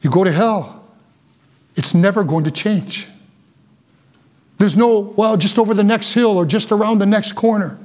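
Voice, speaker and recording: High-voiced fervent preacher man. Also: a little slow, long pauses, darkish tone. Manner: fervent preaching, dropping low for solemn warnings. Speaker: pastor. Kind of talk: sermon.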